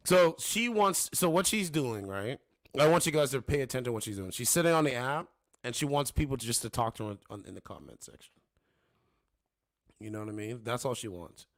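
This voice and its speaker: A man's voice: medium pitch, lively intonation, no room sound. Mocking man with a dry close mic. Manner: mocking, trash-talking, drawn-out taunts. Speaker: livestream host. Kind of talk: casual livestream commentary.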